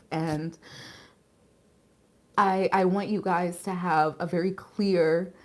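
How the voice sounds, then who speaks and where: A woman doing a casual live tarot reading, chatty and candid, with casual swearing and quick giggles. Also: lowish voice, fairly even intonation, darkish tone. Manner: emotional and giggly. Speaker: tarot reader.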